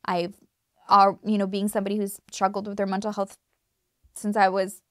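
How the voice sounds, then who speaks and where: A woman's voice: mid-range voice, completely flat delivery, normal speed, fairly bright tone, no echo, clean studio sound. A woman in her thirties talking casually to camera as a video creator, chatty and emphatic, with lots of fillers and restarts. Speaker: YouTube true crime creator.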